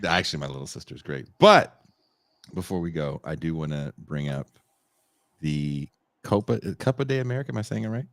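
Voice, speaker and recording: A man in his forties co-hosting a podcast, telling stories in a casual, animated way and swearing freely. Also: a bass voice, fairly quick, dry recording, studio quality. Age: 40s. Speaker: podcast co-host. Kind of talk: casual chat.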